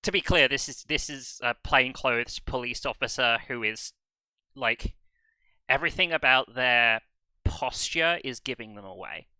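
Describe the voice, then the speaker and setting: Wry bright-voiced man game master. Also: mid-range voice, unhurried, smooth, no echo. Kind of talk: narrating a tabletop game.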